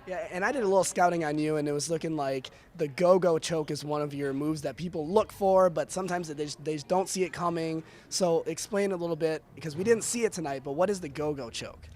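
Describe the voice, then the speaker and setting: A man's voice: fairly high pitch, a little fast, few pauses, a little mellow, slight background noise. A man interviewing a fighter after his win, asking casual, hesitant questions with fillers. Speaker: cageside interviewer.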